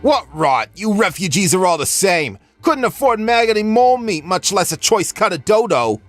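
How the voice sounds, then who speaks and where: A man's voice: sits high, big pitch swings, normal speed, a bit bright, no echo, soft background music, voice pushed up. A man voicing a greedy, bullying merchant who barks threats. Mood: furious.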